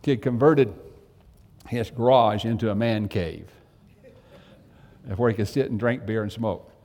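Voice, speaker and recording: A man's voice: on the low side, unhurried, a little mellow, in a large hall. A man preaching a sermon as pastor, telling a folksy story and asking the congregation direct questions.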